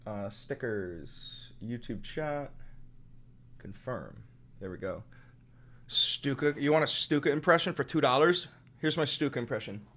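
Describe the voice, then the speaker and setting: A man's voice: mid-range voice, expressive, unhurried, long pauses, sharp tone, slight background noise. Profane man ranting on a livestream. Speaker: livestream host. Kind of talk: live-streamed political commentary.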